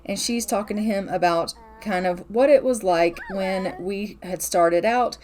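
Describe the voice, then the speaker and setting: A chatty woman hosts a casual let's-play, narrating her life-simulation game. She talks in a playful, easygoing manner with frequent little laughs, in a medium-pitched voice. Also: a little slow, a little mellow. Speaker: gaming channel host.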